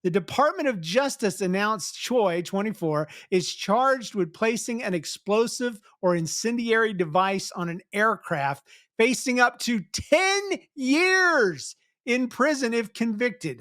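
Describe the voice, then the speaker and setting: A man's voice: high-pitched, big pitch swings, takes it slowly, a bit bright, no room sound, clean studio sound. A man hosting a podcast, chatty and teasing in casual comedic talk. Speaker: podcast host.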